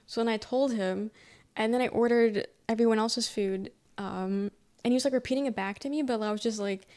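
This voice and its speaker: A soft-spoken woman streamer rambling through a story in casual chat, swearing freely. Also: fairly high pitch.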